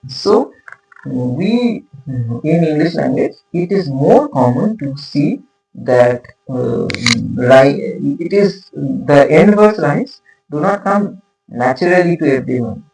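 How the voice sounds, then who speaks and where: Male literature teacher, slow and gravelly, heard from a distant mic in an echoey room with faint music behind. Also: fairly high pitch, expressive, darkish tone. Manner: slow, halting, many fillers and restarts. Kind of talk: unscripted lecture.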